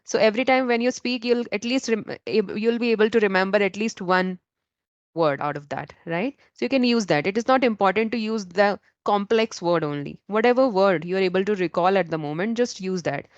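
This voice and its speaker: A woman with an Indian accent, working as an English trainer, explains things patiently, often tagging her points with "right?" in teaching and interview-style answers. Her voice is mid-range and a little fast, on a lo-fi recording with no room sound.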